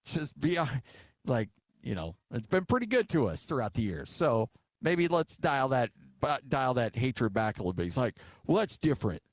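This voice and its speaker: A middle-aged man co-hosting a sports radio show, chatting casually on a studio mic. He tells stories animatedly and acts out other people's lines, with plenty of filler uhs. His voice sits at a medium pitch and sounds dry and close, with no room echo. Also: sing-song, normal speed. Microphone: studio microphone.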